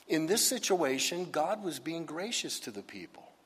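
A pastor preaches a sermon emphatically, full of rhetorical questions, his voice on the high side, sing-song and a bit bright at a moderate pace. In the recording his voice sounds husky, with long hall reverb.

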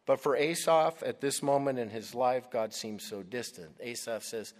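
A man preaching a sermon, dramatic, dropping to a hush and then rising loud. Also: mid-range voice, normal speed, few pauses. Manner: dramatic, swings from hushed to loud. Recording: long hall reverb.

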